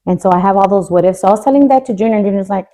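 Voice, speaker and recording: A young adult woman co-hosting a podcast, telling a personal grief story in a candid, joking way that turns quiet and tearful. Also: mid-range voice, racing. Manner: candid, jokes to cope, voice drops when tearful. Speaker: podcast co-host. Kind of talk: casual emotional storytelling.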